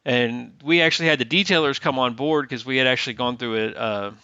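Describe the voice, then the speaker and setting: A man's voice: mid-range voice, fairly quick, pushed and bright, clean tone, dry recording. A man, a Navy veteran guest, telling stories in a casual, chatty way with plenty of fillers, on slightly dull, lo-fi audio. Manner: chatty, many fillers, re-enacts dialogue. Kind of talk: casual storytelling interview.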